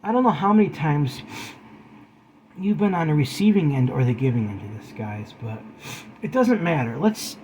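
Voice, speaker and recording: A man's voice: a little high, sing-song, moderate pace, a little mellow, dull audio, slight background noise. A man giving an earnest, pleading talk to camera, calling his viewers guys and preaching kindness. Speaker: spiritual video host.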